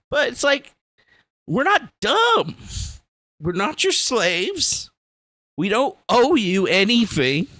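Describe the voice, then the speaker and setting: A man's voice: fairly high pitch, pushed and bright, no echo. A young man hosting a livestream, ranting in a casual, profane and rambling way from a small room. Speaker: livestream host. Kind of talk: casual political rant.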